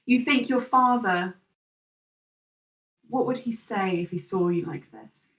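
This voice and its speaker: Slow, measured woman game master. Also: medium pitch, fairly bright tone, roomy sound, recorded from a distance, low-quality recording. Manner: slow, measured second-person narration. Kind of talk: narrating a tabletop game.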